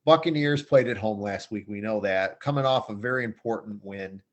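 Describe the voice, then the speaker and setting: A man's voice: lowish voice, normal speed. Chatty male sports show host. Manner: chatty, jokey, rambling. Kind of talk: casual sports picks chat.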